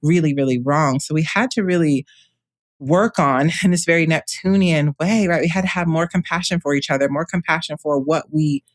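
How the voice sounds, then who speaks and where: A woman's voice: low voice, moderate pace, dry recording, studio quality. A woman in her thirties, an astrologer guest, talking candidly in casual conversation and laughing often between thoughts.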